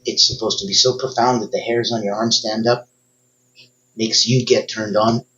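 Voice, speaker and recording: A man's voice: flat delivery, normal speed, bright, forceful tone, highs cut off, a little hiss or hum. Emphatic male motivational coach. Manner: emphatic, speaks straight to the listener, sudden upward pitch jumps. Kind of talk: motivational talk.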